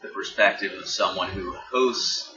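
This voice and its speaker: A man's voice: sits low, normal speed. A man hosting a casual podcast chat, wry and teasing as he asks his guest questions. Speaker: podcast host. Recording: roomy, dull, noisy home podcast recording.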